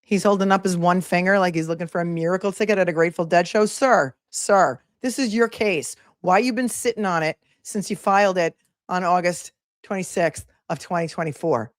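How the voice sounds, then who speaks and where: A woman's voice: on the low side, fairly even intonation, a little fast, dry recording. Sarcastic woman attorney, dry close sound. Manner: sarcastic, emphatic, scolding. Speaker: attorney and legal commentator. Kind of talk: live legal commentary.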